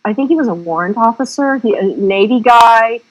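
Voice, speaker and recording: A woman's voice: on the high side, expressive, normal speed, poor audio. Chatty woman guest rambling through stories. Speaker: guest filmmaker. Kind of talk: casual interview chat.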